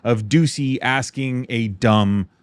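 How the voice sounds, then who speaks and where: A man's voice: medium pitch, slow pace, a little hiss or hum. A man hosting a political commentary channel, speaking in an indignant, partisan way. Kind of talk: commentary voice-over.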